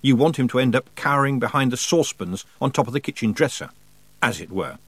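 A man's voice: medium pitch, lively intonation, fast talker, no room sound, lightly acted. A man voicing a young girl's dry, chiding second thoughts. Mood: wry chiding. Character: girl's wry inner second thoughts, scolding.

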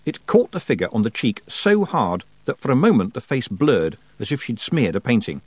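A man narrating an audiobook with expressive storytelling and wry timing. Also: mid-range voice, normal speed, husky, dry recording.

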